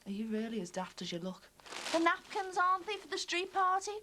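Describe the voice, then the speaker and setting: An actress playing a blunt, sharp-tongued older woman. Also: very high-pitched, big pitch swings, brisk, slight background noise, exaggerated voice. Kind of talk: soap opera acting.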